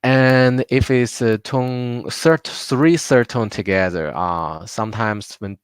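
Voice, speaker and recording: Man, Chinese accent, Mandarin teacher, patient repetition, smooth clear voice, dry close sound. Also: medium pitch, no echo. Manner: patient, repeats words slowly for learners. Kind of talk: live online language class. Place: home.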